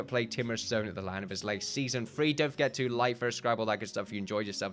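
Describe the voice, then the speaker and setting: A man commentating his own building game as a YouTube let's-player, chatty and upbeat and quick to laugh at himself. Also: fairly low pitch, expressive, a bit bright, faint music behind. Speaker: gaming YouTuber. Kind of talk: casual let's-play commentary.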